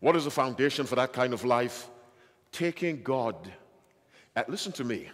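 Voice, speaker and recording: A man's voice: mid-range voice, expressive, normal speed, long reverb tail. A man preaching a sermon in an emphatic way, often asking the audience questions. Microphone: handheld or stand microphone.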